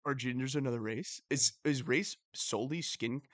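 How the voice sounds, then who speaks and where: A man's voice: medium pitch, moderate pace, no room sound. A young man co-hosting a podcast in casual chat, rambling and laughing often. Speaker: podcast co-host.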